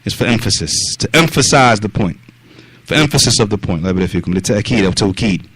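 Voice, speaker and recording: A man teaching a mosque lesson, mixing Arabic phrases into his English, pausing on fillers like yani, and directly questioning the people listening. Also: fairly low pitch, animated, a bit bright, breathy edge, dry recording. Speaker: religious teacher.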